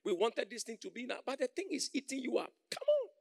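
A man preaching with a high, gravelly voice, pushing his congregation to answer back. He drops to quiet asides, then rises to loud calls, and sometimes acts out other people's voices. The sound is close and dry. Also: animated, fast talker, dry recording. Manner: call-and-response, acts out quoted voices, swings loud and soft. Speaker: pastor. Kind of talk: sermon.

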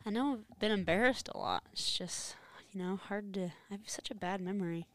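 A woman's voice: mid-range voice, brisk, a bit bright, dry recording, studio quality. A young woman chatting casually as a co-host, telling a work story with lots of "like"s. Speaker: podcast co-host. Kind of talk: casual chat.

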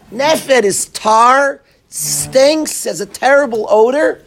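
A man teaching a Torah lesson to a class of boys, animated and sarcastic, calling on students by name. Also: extremely high pitch.

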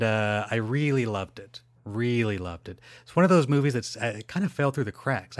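A man's voice: lowish voice, dry recording. A man hosting a solo podcast, chatting casually in a rambling, digressive way with lots of fillers and self-corrections. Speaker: podcast host.

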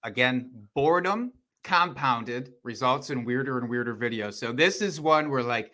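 A man with a high, slightly odd voice, chatting casually as a podcast guest and often laughing at himself. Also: normal speed, sharp tone. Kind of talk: casual chat.

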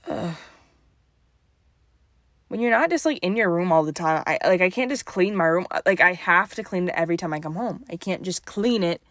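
A tired young woman talking calmly and softly in a casual solo podcast, late at night at home. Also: on the low side, moderate pace, no echo, clean studio sound. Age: young adult. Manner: calm and soft-spoken. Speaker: podcast host.

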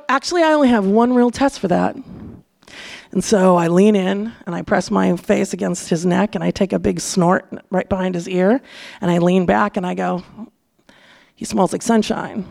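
A woman, telling a frank, profane personal story with lively delivery. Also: medium pitch, creaky. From California, USA.

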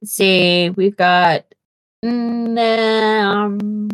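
A woman's voice: medium pitch, expressive, unhurried, long pauses, a bit bright, no echo. A woman hosting a podcast in a chatty, casual way, with lots of fillers and restarts and frequent giggles. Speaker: podcast host.

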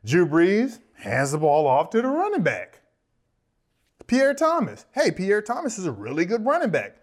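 High, lively man telling a story. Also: moderate pace. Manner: excitable, often breaks into wheezing laughter. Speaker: podcast co-host, former football player. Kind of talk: animated storytelling.

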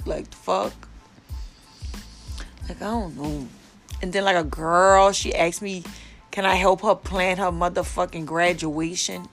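A young woman hosting a casual solo podcast from her bed, telling stories in a blunt, profane way and quoting the people in them. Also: lowish voice. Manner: blunt, profane, storytelling with quoted voices. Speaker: podcast host. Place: lying in her bed at home.

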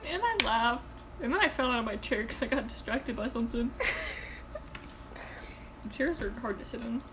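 A teenage girl co-hosting a casual podcast, rambling, deadpan and swearing freely. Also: on the high side, moderate pace, background noise. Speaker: podcast co-host. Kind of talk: casual chat.

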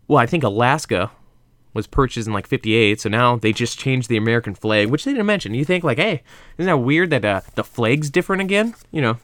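A man's voice: fairly low pitch, fairly bright tone, clear, resonant tone, no room sound. Rambling, swearing young man reading aloud. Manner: rambling, profane, self-interrupting. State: drinking vodka. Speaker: reader and host. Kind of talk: casual profane read-aloud with asides. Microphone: computer mic at a desk.

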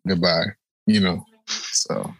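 Low-voiced man, laid-back chat. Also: fairly even intonation, slow pace, a bit bright, poor audio. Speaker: podcast co-host. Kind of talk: casual chat.

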